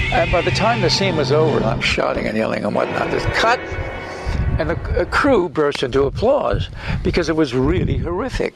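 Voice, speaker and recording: An older man, an actor being interviewed, telling anecdotes in an animated way with restarts and acted-out quotes. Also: fairly high pitch, vocal fry.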